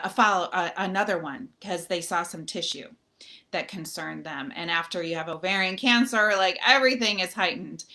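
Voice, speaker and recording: A motivational author and group host chats casually on a live video, rambling a little, filling her talk with fillers and restarts, and calling her viewers "you guys." Her voice is lowish with a sharp tone.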